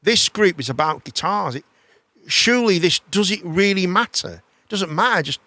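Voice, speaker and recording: A man hosting a live chat show, rambling in a casual, animated way and swearing freely. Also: high voice, normal speed, no room sound.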